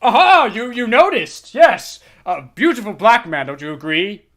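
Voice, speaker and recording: A man's voice: high-pitched, very animated, moderate pace, a bit bright, voice pushed up. A man voicing a pompous, lewd older male lawyer in a game, with a grandiose, over-the-top delivery. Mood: proud. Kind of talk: reading game dialogue aloud.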